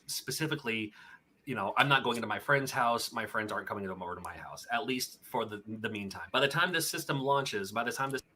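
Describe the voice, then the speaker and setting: A man in a played-back video, talking about couch co-op with halting, hedging phrasing. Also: mid-range voice, animated, bright, forceful tone. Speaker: video presenter. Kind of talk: casual video commentary.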